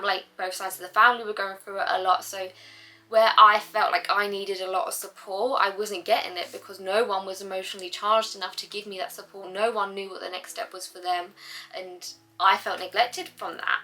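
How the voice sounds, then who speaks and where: Bright-voiced young woman vlogging. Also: mid-range voice. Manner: chatty, lots of "like", acts out her own reactions. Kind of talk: casual personal talk to camera.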